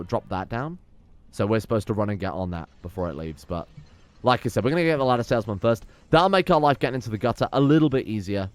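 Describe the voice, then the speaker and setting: A man giving sweary, sarcastic let's play commentary while playing a game. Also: medium pitch. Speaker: gameplay commentator.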